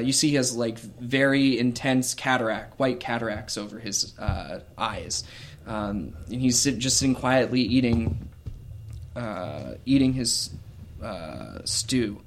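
A man narrating a tabletop game as game master, in a relaxed, halting way. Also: medium pitch, a little hiss or hum. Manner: relaxed and halting, with many fillers.

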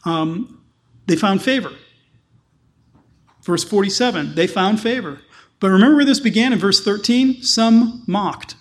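High-voiced pastor preaching emphatically. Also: male voice, animated, a little slow, long pauses. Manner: emphatic, repeats phrases for emphasis. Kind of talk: sermon.

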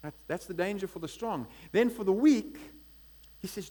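A man preaching a sermon in an energetic, conversational way, often checking in with the congregation. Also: a little high, fairly quick. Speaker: pastor.

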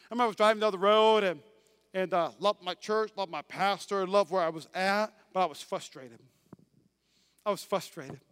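A man preaching a sermon as pastor, swinging between loud declarations and quiet asides. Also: high-pitched, normal speed, clean tone.

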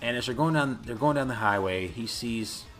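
A man's voice: medium pitch, normal speed, soft background music. A man co-hosting a casual podcast, recapping a movie with profanity and frequent laughter. He is a bit tipsy from a couple of beers. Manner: profane, laughing, animated storytelling. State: slightly tipsy from beer. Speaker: podcast co-host.

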